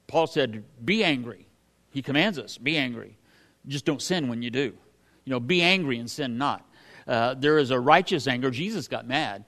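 A man giving a relaxed, conversational sermon in an average-pitched voice. He reads a passage and then talks it through in a folksy, halting way, full of fillers and restarts. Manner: reads scripture aloud then comments on it. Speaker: pastor. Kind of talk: conversational Bible teaching.

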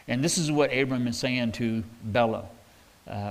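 A man's voice: mid-range voice, normal speed, long reverb tail. A man preaching a verse-by-verse sermon in a conversational, folksy way, retelling scripture in everyday words. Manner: conversational, folksy, with restarts and paraphrased quotes. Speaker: pastor.

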